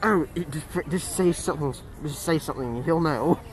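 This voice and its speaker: A man's voice: on the high side, normal speed. A man hosting a podcast, chatting casually in a jokey, rambling way and laughing often. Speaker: podcast host. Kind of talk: casual chat.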